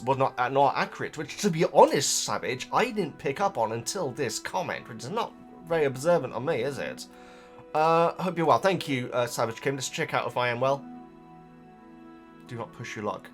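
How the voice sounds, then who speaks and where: Rambling man, lively voice. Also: mid-range voice. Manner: rambling, self-interrupting, laughs often. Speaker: host reading viewer comments. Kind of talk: casual chat to camera.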